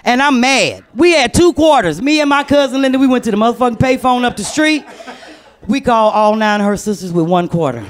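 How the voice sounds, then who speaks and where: A woman doing stand-up, telling a profane family story with animated, laughing delivery. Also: a little high, brisk. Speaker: stand-up comedian.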